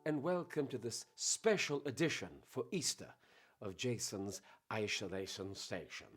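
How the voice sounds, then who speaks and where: A man putting on a doddery old male announcer who has lost his false teeth, talking in a slow, mumbled, formal way. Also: fairly low pitch, big pitch swings, breathy edge, soft background music, pitched below the performer's own voice, full character voice. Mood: mock-formal.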